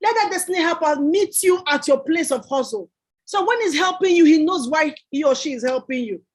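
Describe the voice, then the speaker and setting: A woman delivers a motivational talk in a notably high voice. She is emphatic and repeats her phrases for effect, much like a preacher. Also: animated, a little fast. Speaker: guest entrepreneur.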